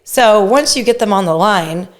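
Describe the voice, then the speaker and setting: A woman co-hosting a casual podcast, animated and a bit over the top, with blunt remarks. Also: medium pitch, normal speed. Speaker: podcast co-host, real estate agent. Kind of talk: casual chat.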